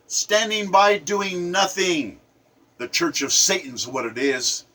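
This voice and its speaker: A man speaking as a poet in an impassioned, angry rant to camera, swinging between loud outbursts and low murmurs. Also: lively intonation, a little slow.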